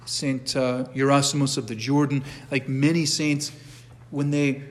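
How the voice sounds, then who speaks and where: A man's voice: medium pitch, level tone, measured pace. Man teaching a church class in an echoey hall. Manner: conversational, with frequent restarts and asides. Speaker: catechism teacher. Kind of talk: informal church class lecture. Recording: long echo of a church hall.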